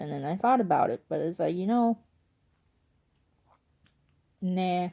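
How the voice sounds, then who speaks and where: A woman's voice: on the low side, animated, slow pace, gravelly, mellow. A young woman telling a rambling story casually at home in her bedroom at night, full of "like" and asides. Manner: rambling, chatty, lots of "like". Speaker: vlogger.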